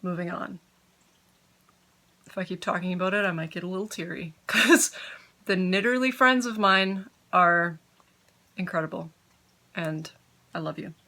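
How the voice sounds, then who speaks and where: Casting: bright, chatty woman in her thirties, grateful and rambling, knitting vlogger at home. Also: fairly low pitch, a little slow, long pauses. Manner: chatty, grateful, easily sidetracked; talks with her mouth full. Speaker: knitting podcaster. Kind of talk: casual chat to camera.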